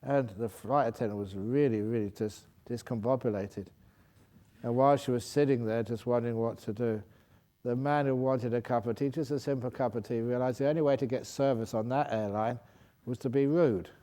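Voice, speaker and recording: A man's voice: medium pitch, steady tone, brisk, dark tone. A man, a Buddhist monk, telling a joke during a talk in a playful way, laughing at his own story and stopping to fix it. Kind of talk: humorous dharma talk with a joke.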